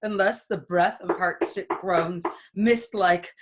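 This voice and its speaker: A woman reading aloud as a despairing young male lover in a casual play reading, in a quiet, subdued way. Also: on the low side, steady tone, slow, very noisy.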